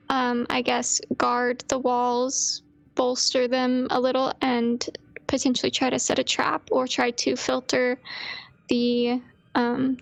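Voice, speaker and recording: A woman player in a tabletop role-play, speaking softly and hesitantly with frequent ums and restarts. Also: a little high, gravelly.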